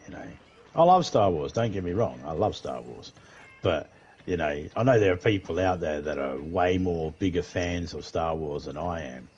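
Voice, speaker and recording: A man with a very low voice trades laid-back, easygoing banter on a gaming stream. He tells his stories in an unhurried, offhand way. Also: expressive, darkish tone, lo-fi sound. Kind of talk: casual gaming chat.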